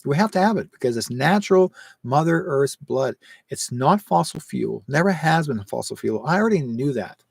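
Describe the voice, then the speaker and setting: A Canadian man hosting a live call-in psychic show, talking in an emphatic, rambling way with sudden rises in pitch. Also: animated, moderate pace, gravelly, darkish tone, slightly rough, no room sound. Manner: emphatic, rambling, rising sharply on points.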